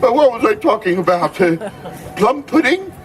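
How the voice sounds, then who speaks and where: A man's voice: high voice, big pitch swings, moderate pace, far from the mic. A man playing a jolly old Christmas gift-bringer, telling holiday stories to a live crowd with theatrical exclamations and frequent chuckles. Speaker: costumed storyteller. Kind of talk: live character storytelling to a crowd.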